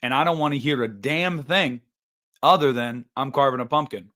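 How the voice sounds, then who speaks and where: A man's voice: medium pitch, normal speed, bright, forceful tone. Mock-indignant man ranting casually. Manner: joking, mock-indignant, competitive rant. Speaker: podcast host. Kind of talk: casual chat.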